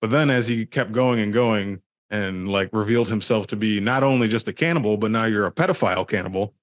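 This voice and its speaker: A man co-hosting a casual podcast chat, talking things through in a relaxed, analytical way. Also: lowish voice, fairly quick, no echo, studio quality. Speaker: podcast co-host.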